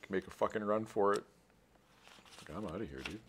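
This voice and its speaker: A man's voice: fairly low pitch, fairly quick, a little hiss or hum. A man reading a choose-your-own-adventure book aloud during a tabletop stream, casual and joking with frequent swearing. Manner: profane, joking. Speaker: player reading a gamebook aloud.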